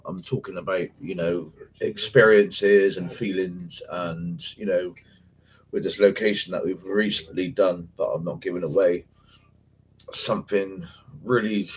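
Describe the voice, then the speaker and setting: A low male voice comes through a low-quality recording with a little hiss or hum. The speaker, from England, hosts a paranormal investigators' livestream and chats casually with viewers, telling meandering, swear-filled stories in slang.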